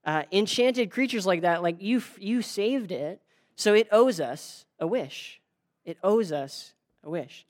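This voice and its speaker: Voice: medium pitch, lively intonation, unhurried, close to an everyday voice. A fisherman's wife who is never satisfied presses her husband again and again for more. She speaks in a plain, insistent way, as a preacher puts her on. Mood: demanding. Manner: insistent, demanding.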